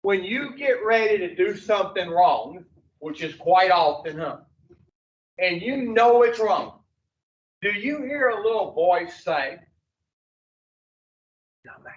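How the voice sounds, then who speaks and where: Blunt, profane counselor man, high voice. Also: animated, unhurried. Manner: blunt and profane, with rhetorical questions. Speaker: addiction recovery counselor. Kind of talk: group lecture with audience questions. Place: echoey group room. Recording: distant, echoey, dull room recording.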